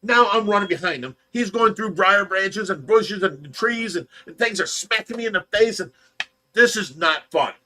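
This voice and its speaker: A man hosting a livestream, telling a story in a casual, animated way and acting out the voices. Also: high voice, normal speed, few pauses. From United States. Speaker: livestream host of a fish rescue.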